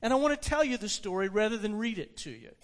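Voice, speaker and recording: Expressive male pastor in a reverberant church. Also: high voice, fast. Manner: expressive read-aloud storytelling, varied emphasis. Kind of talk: sermon with expressive story reading. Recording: long reverb of a church hall.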